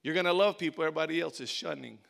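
A man with a high, bright voice preaches to his congregation. He repeats key phrases and builds emphasis as he goes. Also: racing, vocal fry. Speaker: pastor. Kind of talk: sermon.

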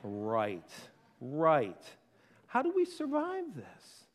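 A man preaching a sermon as pastor, conversational and playful, with quick asides and acted-out quotes. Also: fairly high pitch, wildly swooping pitch, big-room sound.

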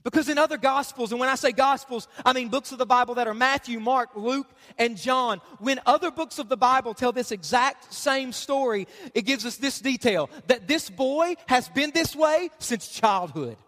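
A man preaching as a pastor, lively and conversational, often putting on the voices of the people he quotes. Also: very high voice, moderate pace, hardly any pauses, big-room sound. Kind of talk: sermon. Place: church.

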